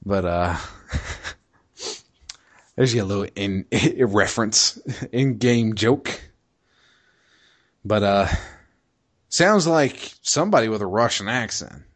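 A man's voice: fairly low pitch, expressive, slow pace, pauses often. A man co-hosting a podcast, casually retelling a video game's story, rambling, swearing freely and laughing often. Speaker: podcast co-host recapping a game.

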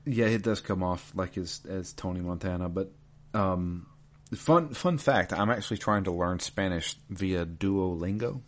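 A man with a very deep voice talks through a video game story in easygoing chat. He rambles a little and fills gaps with ums and uhs as he goes. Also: measured pace. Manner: relaxed, rambling, filler-heavy.

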